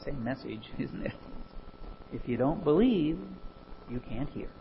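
A man preaching a sermon, animated and full of rhetorical questions. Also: mid-range voice, a little slow, vocal fry, dull audio, a little hiss or hum.

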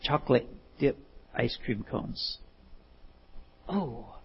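A man with a gravelly, slightly husky voice tells homespun stories in a lively, swinging pitch. He wanders into rambling asides and laughs at himself along the way. The recording sounds dull and lo-fi. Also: normal speed. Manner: chuckling, self-deprecating, rambling asides. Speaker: speaker giving a talk on love. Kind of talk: folksy storytelling talk.

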